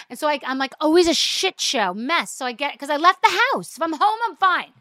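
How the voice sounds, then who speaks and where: Bright, tense woman ranting about her day. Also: high voice, lively intonation, a little fast, few pauses, no room sound, clean studio sound. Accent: New York. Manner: rambling, self-deprecating, profane. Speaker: podcast host. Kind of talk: casual storytelling rant.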